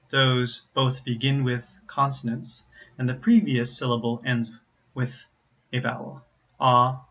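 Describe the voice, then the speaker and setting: American man, pronunciation teacher, bright clear voice, careful repeated examples, slightly dull recording. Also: medium pitch. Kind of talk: explaining pronunciation to learners.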